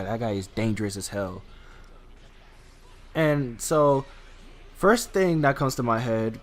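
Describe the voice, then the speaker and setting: A young man tells a story straight to camera, loose and rambling. He swears freely and keeps restarting his sentences, in a voice of middling pitch. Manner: rambling, profane, many restarts and fillers. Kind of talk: casual storytime.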